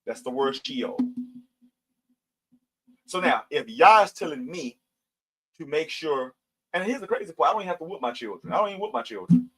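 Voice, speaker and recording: A man's voice: on the high side, animated, normal speed, long pauses, fairly bright tone, breathy edge, rough recording. A middle-aged man teaching a casual Bible study, mixing scripture readings with everyday talk. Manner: preachy, conversational, with scripture readings.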